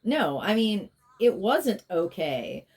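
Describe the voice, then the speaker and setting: A woman's voice: medium pitch, sing-song, takes it slowly, darkish tone, breathy edge. A woman giving a spiritual tarot reading in a rambling, chatty way, with stretches of chanted, repeated affirmations. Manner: rambling, chatty asides, drops into intense repeated incantations. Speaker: tarot reader and spiritual healer.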